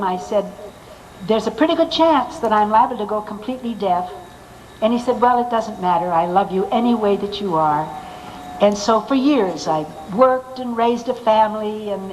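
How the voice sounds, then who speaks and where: An older woman telling comic stories from a stage in a chatty, animated way, acting out other people's voices. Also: fairly high pitch, a little hiss or hum. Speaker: stage performer. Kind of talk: anecdotal stage monologue. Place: stage in a large hall. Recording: long hall reverb, faint music behind.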